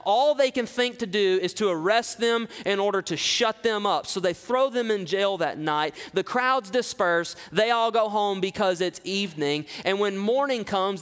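A man preaching an expository sermon, reading scripture dramatically and dropping low for asides. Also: a bit bright, clear, resonant tone, big-room sound. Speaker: pastor.

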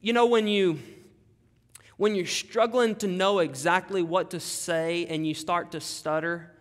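A man's voice: high-pitched, fairly even intonation, measured pace. A male pastor preaching a sermon, emphatic and dramatic, repeating key phrases. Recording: long hall reverb.

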